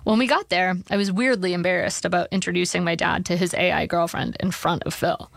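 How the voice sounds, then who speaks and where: A woman's voice: fairly low pitch, steady tone, fairly quick, vocal fry, dry recording. A woman narrating a personal essay in a wry, dry storytelling manner. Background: soft guitar music.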